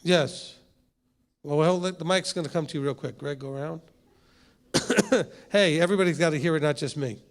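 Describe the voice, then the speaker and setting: Speaking at normal speed with long pauses, a rabbi whose voice is on the high side teaches the Bible conversationally to a group. Rhetorical questions and teasing asides fill his talk, always aimed straight at the room.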